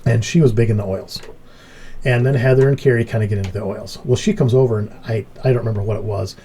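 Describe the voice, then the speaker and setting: A middle-aged man hosting a relaxed group chat, telling stories with lively jumps in pitch when he acts out what he said. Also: quick pace, slight background noise. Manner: animated storyteller, voice jumps up when acting out his story. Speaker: podcast host. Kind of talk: casual chat.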